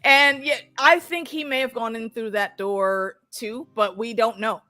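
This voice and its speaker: A woman co-hosting a casual podcast chat about a TV episode, animated, swearing freely and acting out characters. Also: a little high, unhurried, faint music behind. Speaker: podcast co-host.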